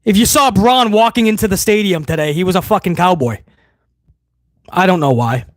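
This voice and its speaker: High-voiced, profane ranting male streamer. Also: moderate pace, no room sound, studio quality. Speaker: wrestling watch-along host. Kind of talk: casual live-stream commentary.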